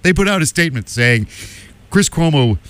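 A man's voice: fairly high pitch, lively intonation, moderate pace, fairly bright tone, clean tone, dry recording. A man hosting a radio talk show, delivering a combative opinion monologue with emphatic asides. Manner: combative, emphatic, keeps asking "okay?".

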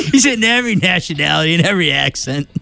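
A man's voice: high-pitched, creaky, pushed and bright. Teasing radio co-host man. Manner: teasing, laughs often. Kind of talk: casual radio banter.

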